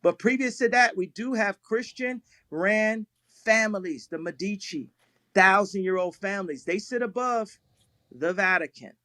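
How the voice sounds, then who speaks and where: A man telling stories in casual talk on a live stream, animated, laughing often and repeating himself. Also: high-pitched, a little slow, no room sound. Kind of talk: casual storytelling.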